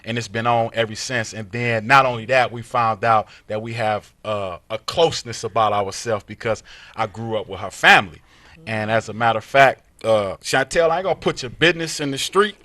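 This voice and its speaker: A man hosts a talk show from a TV station studio, his voice bright and forward. He tells stories in animated street slang and acts out each scene as he goes. The sound is dry and close. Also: lowish voice, fairly quick, no echo. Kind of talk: casual studio chat.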